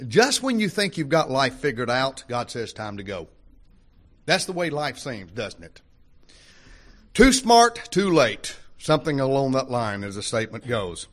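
A man's voice: medium pitch, big pitch swings, measured pace. An older man preaching a sermon to a congregation in a folksy, conversational way, full of rhetorical questions. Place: church hall before a congregation.

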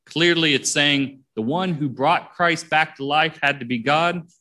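A man's voice: on the high side, a little slow, sharp tone. Man preaching through scripture verses. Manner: reads verses aloud and comments between them, plain and conversational. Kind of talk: sermon with scripture reading.

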